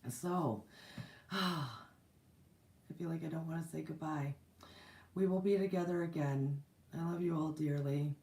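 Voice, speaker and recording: A woman's voice: sits low, fairly even intonation, measured pace, long pauses, darkish tone. A woman hosting a spiritual channel, chatting casually in a bubbly, giggly, rambling way. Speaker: channel host giving spiritual messages. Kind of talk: casual livestream chat. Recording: echoey room, voice from a distance.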